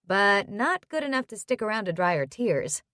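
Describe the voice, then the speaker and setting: A woman reading an audiobook, voicing a caring woman who speaks gently and reassuringly to a friend. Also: mid-range voice, big pitch swings, moderate pace, no room sound, clean studio sound. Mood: gentle.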